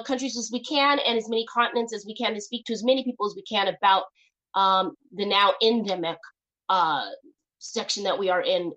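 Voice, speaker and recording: A chatty woman hosting her own show, rambling loosely and restarting her sentences with lots of fillers. Her voice sits a little high and comes across bright and forceful. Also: rough recording. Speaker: show host. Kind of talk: casual live show chat.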